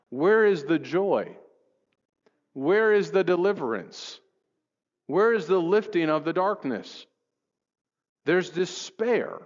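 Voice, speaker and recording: Male preacher, slow and earnest, a little high-voiced, sermon in a reverberant church sanctuary. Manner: impassioned, rises high reading scripture aloud. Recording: dull lo-fi recording in a reverberant hall. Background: long church reverb.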